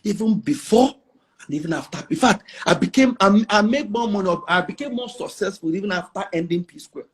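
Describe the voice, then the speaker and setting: Boastful Nigerian man, high animated voice. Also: brisk, breathy edge. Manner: boastful and emphatic, mixing pidgin. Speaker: interview guest. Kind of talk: casual chat.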